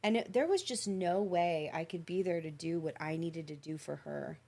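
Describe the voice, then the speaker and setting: A woman's voice: lowish voice, normal speed, vocal fry, mellow. A woman, a podcast guest, telling an emotional personal story in an earnest, reflective way. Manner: earnest, reflective, tells stories in detail.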